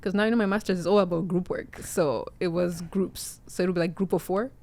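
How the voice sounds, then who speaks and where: A woman's voice: on the low side, fairly even intonation, brisk, a little mellow. Young woman, chatty podcast guest. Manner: chatty storyteller, laughs easily. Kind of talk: casual podcast chat.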